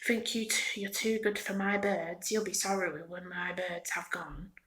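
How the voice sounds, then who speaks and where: A woman voicing an erratic, pushy male street toy maker in a soft whispered role-play. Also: on the low side, steady tone, unhurried. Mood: scornful. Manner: wheedling, turns scornful.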